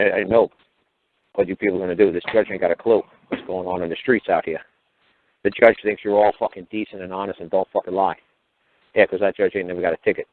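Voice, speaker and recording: Man, blunt, profane storyteller, rapid-fire, thin phone-line sound. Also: deep voice, no room sound. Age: older. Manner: blunt, swearing heavily, acting out both sides of arguments. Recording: tinny phone-line audio.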